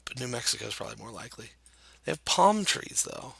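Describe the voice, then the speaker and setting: A man casually commenting while playing a geography guessing game, thinking out loud with many hesitations and self-deprecating remarks. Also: mid-range voice, very animated, fast talker, vocal fry, breathy edge. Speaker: gameplay commentator. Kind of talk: casual let's-play commentary.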